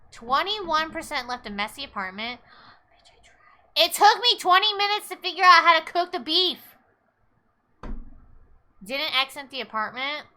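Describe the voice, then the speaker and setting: A woman's voice: sits high, sharp tone. A young woman streaming a game live, chatty and rambling, swearing freely and thanking viewers as she talks. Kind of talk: casual live game commentary.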